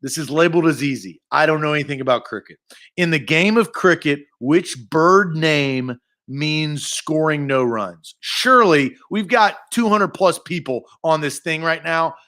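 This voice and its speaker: A man co-hosting a casual sports trivia segment, reading each question slowly and deliberately. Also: on the high side, lively intonation, sharp tone.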